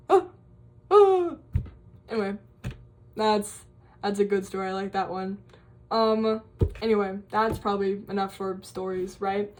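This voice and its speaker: A woman's voice: medium pitch, darkish tone. A young woman vlogging, casually telling a campfire-style scary story with lots of fillers and restarts. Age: young adult. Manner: rambling, many fillers and restarts.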